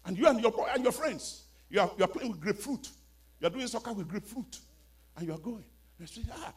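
A male preacher telling stories in a sermon, dramatic and swinging between hushed and loud. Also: high voice, animated, fast talker, slightly rough. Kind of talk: storytelling sermon.

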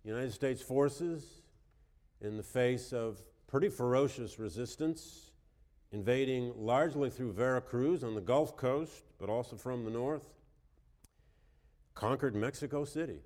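A man's voice: medium pitch, a little mellow. Man with a cold lecturing history, kinda wry, reads quotes w/ punch, long hall reverb. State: has a cold. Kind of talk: university lecture.

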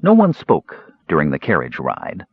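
Deep, husky man narrating a fantasy audiobook. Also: normal speed, no room sound, dull audio. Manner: expressive, changing voices for characters.

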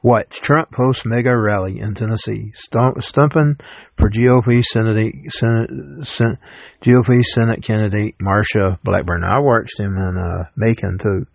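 A man hosts a solo podcast, reading news headlines and rambling between them. His voice is low and gravelly. He often stumbles and restarts words. The sound is dry and close. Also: steady tone, normal speed, a little mellow, no echo. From Georgia, US South. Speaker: podcast host.

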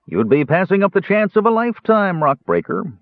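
A man voicing a smooth, persuasive human dealer who sells prisoners with salesman patter. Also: sits high, very animated, brisk, dry recording, voice pushed up. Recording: narrow tinny phone-like audio.

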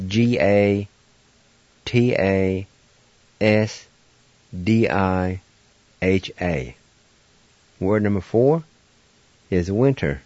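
A man with a low, somewhat dark voice hosts a radio language lesson, with no echo on the track. He spells vocabulary words letter by letter and repeats each syllable in a slow, patient, methodical pronunciation drill. The recording has the dull, lo-fi quality of radio.

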